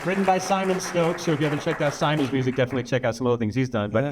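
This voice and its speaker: A man's voice: medium pitch, steady tone, racing, over a noisy crowd. A man hosting a Q&A at a cinema screening, chatty and joking as he puts questions to the guest. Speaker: host of the screening Q&A. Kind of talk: live Q&A moderation. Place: cinema with a live audience. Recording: theater audience noise behind.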